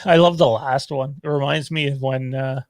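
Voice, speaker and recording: A man's voice: mid-range voice, steady tone, moderate pace, dry recording, studio quality, soft background music. A man co-hosting a casual streamed chat show, joking and laughing as he reads out the live chat. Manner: laid-back, jokey, often laughing. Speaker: podcast co-host.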